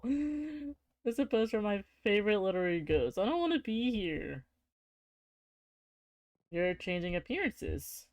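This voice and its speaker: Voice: mid-range voice, very animated, slow pace, long pauses, no room sound, studio quality. A streamer playing a game, reading its text aloud with chatty asides as casual commentary.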